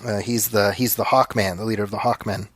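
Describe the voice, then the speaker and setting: A man's voice: fairly low pitch, fairly even intonation, fast talker, background noise. A man co-hosting a casual movie commentary podcast, easygoing, padding his points with fillers and slipping in wry jokes. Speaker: podcast co-host.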